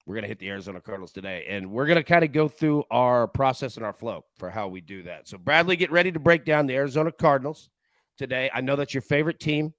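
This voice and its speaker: Lively, joking male show host. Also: medium pitch, fast, dry recording. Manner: jokey, rambling, laughs often. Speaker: sports betting show host. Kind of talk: casual live-stream chat.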